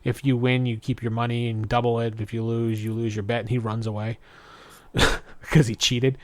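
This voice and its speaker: A man's voice: medium pitch, level tone, moderate pace, darkish tone, dry recording. A man co-hosting a podcast, recapping a cartoon episode in a casual chat and briefly mimicking characters' lines. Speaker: podcast co-host.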